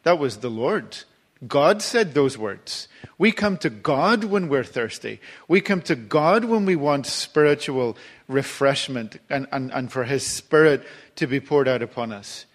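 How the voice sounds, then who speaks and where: A man's voice: mid-range voice, animated, unhurried. A male preacher giving a sermon in a conversational way, with frequent restarts and fillers.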